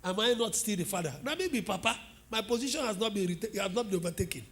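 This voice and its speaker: Nigerian pastor, middle-aged man, lively storytelling sermon, high tense voice. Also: fast. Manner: animated storytelling preacher, asks the congregation questions.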